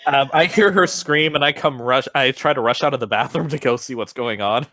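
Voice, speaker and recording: A young man playing his character in a tabletop game, lively, laughing and cursing often. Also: mid-range voice, a little fast, slight background noise. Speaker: player. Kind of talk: tabletop role-play.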